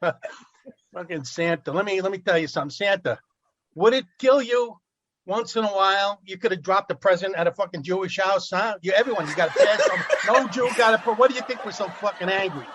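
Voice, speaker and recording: A man's voice: high-pitched, brisk, fairly bright tone, highs cut off. A man roasting in a crude, brash, profane stand-up style, breaking into mock carol snippets. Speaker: roast comedian. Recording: noisy podcast recording.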